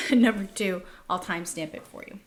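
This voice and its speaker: A woman's voice: mid-range voice, normal speed. A woman in her thirties giving a casual tarot reading to her viewers, emphatic and repeating phrases for effect. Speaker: tarot reader.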